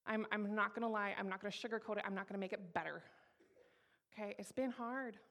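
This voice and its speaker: A bright-ish, mid-range woman's voice moves at a quick clip. She's in her thirties, from Colorado in the USA, and shares her testimony with an audience, candid and emphatic, returning again and again to her key phrases.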